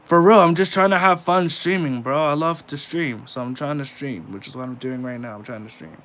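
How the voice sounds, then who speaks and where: A man's voice: a little high, a little fast, a bit bright, a little hiss or hum. A nineteen-year-old man streaming live, reading viewer messages and answering them in a laid-back, chatty way. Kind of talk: casual live-stream chat.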